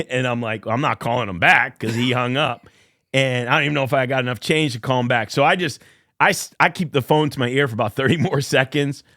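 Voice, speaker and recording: A man's voice: medium pitch, a little fast, a bit bright, dry recording. A college baseball coach in his fifties shares a personal memory with feeling and acts out the quotes. His voice sits in the middle range. The sound is dry and close to the mic. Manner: earnest, emotional storyteller who acts out quotes. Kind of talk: podcast interview storytelling.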